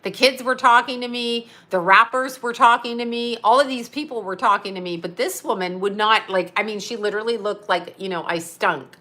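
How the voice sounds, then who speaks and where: A woman's voice: on the high side, brisk, hardly any pauses, bright, forceful tone. A woman in her fifties chatting casually on a live stream, blunt and profane as she rants. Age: 50s. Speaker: psychic medium hosting a live stream. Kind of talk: casual live-stream chat reading viewer comments.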